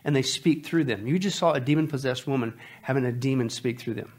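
A male Bible teacher giving animated, sarcastic and emphatic preaching commentary, mixing jokes with scripture. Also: mid-range voice, fast talker.

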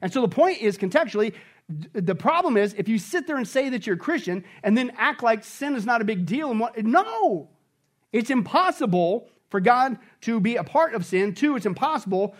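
A male pastor preaching a sermon emphatically, often checking in with the congregation and swinging between loud exclamations and quiet, intense stretches. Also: extremely high pitch, very animated, normal speed. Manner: repeats "okay?" and "contextually". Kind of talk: expository sermon.

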